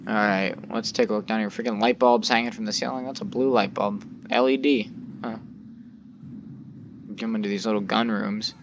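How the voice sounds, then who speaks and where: A man's voice: on the low side, steady tone, moderate pace, creaky, muffled recording, background noise. A man giving casual gameplay commentary, rambling with lots of fillers and mild cursing into a desk microphone. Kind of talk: casual let's-play commentary.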